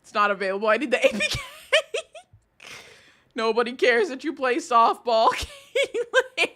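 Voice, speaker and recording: A young woman talks over a clip on her stream, laughing in disbelief and swearing freely. Her voice sits high and swings widely in pitch. The tone is loose and chatty, like a casual reaction video. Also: sing-song, moderate pace, bright, forceful tone.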